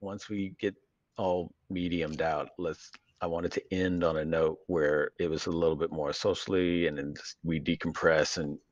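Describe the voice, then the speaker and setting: This podcast co-host, a man, talks in a low, steady voice at a moderate pace, with no room sound and the highs cut off. He rambles and jokes crudely through a casual chat, restarting often.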